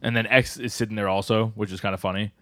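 A man with a lowish voice chats through a comic recap, leaning on fillers. He keeps slipping into brief, higher character voices for the quotes. The sound is dry and close to the mic. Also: steady tone, a bit bright, no room sound. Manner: retells scenes, acting out character lines in quick voices; frequent fillers like "like" and "uh". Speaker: podcast co-host. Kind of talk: casual manga recap chat.

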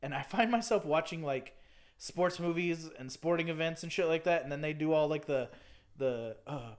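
A man's voice: a little high, moderate pace. A young man co-hosting a casual podcast, talking loosely with lots of fillers and restarts. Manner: filler-heavy, rambling with many likes. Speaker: podcast co-host.

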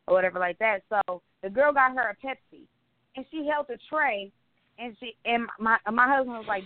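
A woman's voice: on the high side, normal speed, no room sound. A woman co-hosting a casual podcast, telling stories in a blunt, profane way. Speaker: podcast co-host. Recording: tinny phone-like line.

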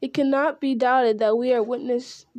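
A woman's voice: sits high, fairly even intonation, normal speed, a little mellow, dry recording, close to an everyday voice. Theoden, a stately gracious king, read by a woman. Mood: courtly. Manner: formal, courtly.

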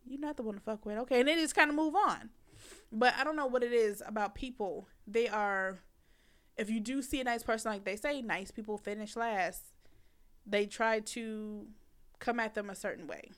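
Woman, slightly high voice, playful teasing co-host style. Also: normal speed. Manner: teasing, laughing, acts out quotes. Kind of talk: casual couple chat.

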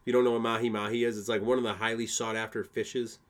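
A man's voice: mid-range voice, little pitch movement, fast talker. A young man from Wisconsin hosting a casual solo podcast, rambling and swearing a lot, laughing at his own jokes. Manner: profane, rambling, laughs often. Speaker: podcast host.

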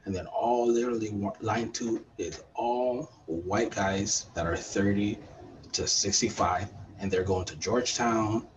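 Lively man telling work stories. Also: lowish voice, unhurried, distant mic, noisy background. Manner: animated storyteller, acts out coworkers. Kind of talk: casual chat.

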